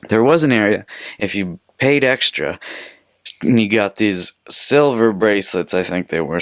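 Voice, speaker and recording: A man's voice: deep voice, no echo, clean studio sound. A young man from Canada hosting a casual solo podcast, telling stories in a rambling, profane, chatty way. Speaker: podcast host.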